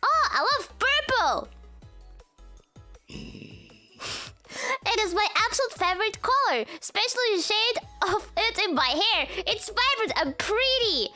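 A woman's voice: very high voice, very animated, measured pace, long pauses, pushed and bright, faint music behind, voice pushed up, full character voice. A woman voicing a chipper female AI chatbot copy of herself, bubbly and upbeat. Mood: gushing.

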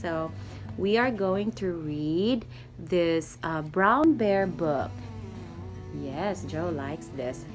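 A woman's voice: fairly low pitch, drawn-out words, music in the background. A woman in her master bedroom at home, talking to her baby and reading a picture book aloud in a sing-song way. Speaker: mother and family vlogger.

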